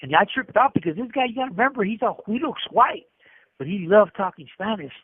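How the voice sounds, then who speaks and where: A man's voice: high voice, lively intonation, fairly quick, slightly rough, dry recording. Middle-aged man on a tinny prison phone line. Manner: rambling, acts out dialogue, frequent restarts. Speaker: prison inmate telling his story. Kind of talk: casual storytelling over a phone call. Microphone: prison telephone.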